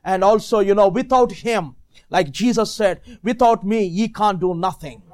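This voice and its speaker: A man with a non-native English accent and a high voice delivers a sermon. His speech is full of fillers, and he rises into shouted praise now and then. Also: normal speed. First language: not English. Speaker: visiting preacher.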